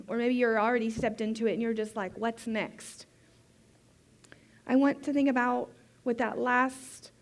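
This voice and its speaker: A woman preaching a sermon in a gentle, unhurried way. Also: a little high. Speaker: pastor.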